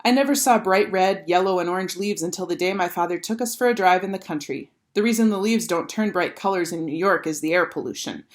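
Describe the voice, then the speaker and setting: A woman teacher reading a children's chapter book aloud with expressive, animated storytelling. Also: lowish voice, fast, hardly any pauses.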